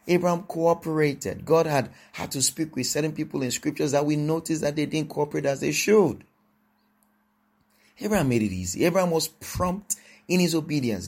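A male preacher reads psalms aloud and comments between the verses. He repeats himself for emphasis and keeps checking in with "all right?" His voice is mid-pitched, moving between quiet and strong. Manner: repeats phrases, asks "all right?" often; swings between soft and emphatic delivery. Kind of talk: sermon.

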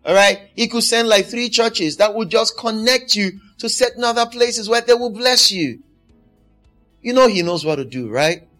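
Male preacher, emphatic and repetitive delivery, slightly high pitch; soft music bed. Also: expressive, normal speed. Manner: emphatic, repeats exhortations. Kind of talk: sermon.

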